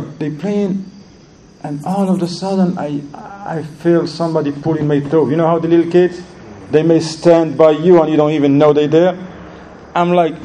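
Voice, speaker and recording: Guy giving a religious lecture, mellow voice, kinda stumbles and repeats words, faint hiss. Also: a little high, rough recording. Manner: repeats words while searching for them; asks the audience questions. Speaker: religious teacher. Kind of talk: lecture with storytelling.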